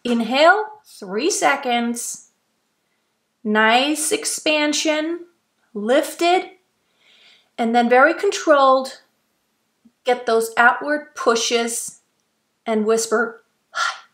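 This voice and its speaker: Woman vocal coach, slightly high, slow and patient teaching delivery. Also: fairly bright tone. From Germany. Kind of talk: instructional explanation.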